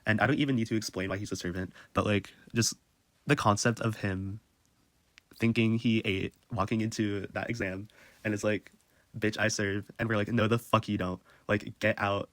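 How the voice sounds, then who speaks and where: A young man presenting in a casual, comedic way, animated and slangy, laughing mid-sentence. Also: medium pitch, no echo.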